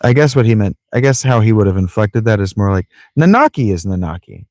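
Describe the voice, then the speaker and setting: A man casually commenting while he plays a video game, full of deadpan jokes and muttered asides. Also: on the low side, fast talker, no room sound, clean studio sound. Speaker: streamer playing a video game. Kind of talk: casual let's-play commentary.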